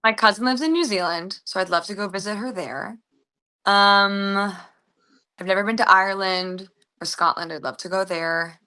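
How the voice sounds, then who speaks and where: A woman's voice: mid-range voice, moderate pace, sharp tone. A young woman from the United States, an actress chatting casually in an interview over a video call. She rambles, with a lot of fillers. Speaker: actress, guest.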